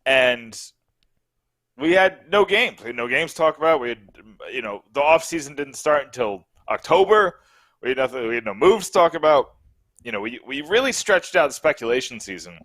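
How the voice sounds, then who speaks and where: A man's voice: medium pitch, very animated, normal speed, fairly bright tone, no room sound. A man co-hosting a sports podcast in casual, rambling, upbeat chat. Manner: rambling, upbeat, restarts often. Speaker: podcast co-host.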